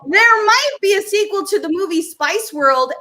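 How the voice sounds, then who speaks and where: A woman's voice: very high-pitched, expressive, moderate pace, sharp tone, poor audio. A woman hosting a live comedy show, reading joke headlines in a bubbly, giggly way. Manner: bubbly, giggly, self-interrupting. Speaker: host.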